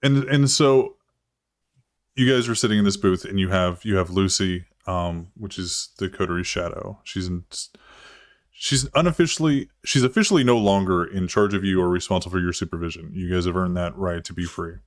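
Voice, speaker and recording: A man's voice: deep voice, normal speed, no echo, studio quality. A man narrating as game master in a live tabletop role-playing stream, rambling and restarting as he goes. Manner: rambling, restarts, voices characters in quotes.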